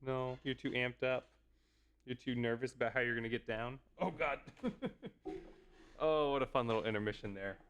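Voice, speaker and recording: A man's voice: mid-range voice, steady tone, normal speed, pauses often, a bit bright, a little hiss or hum. A man on a casual live stream at home, playfully chatting with his dog and reading aloud into a desk microphone, laughing often.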